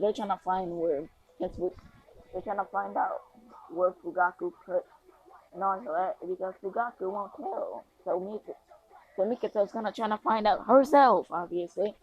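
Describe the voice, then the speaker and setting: A woman's voice: medium pitch, darkish tone, breathy edge, low-quality recording. A woman casually improvising a fan story, rambling with lots of fillers and restarts.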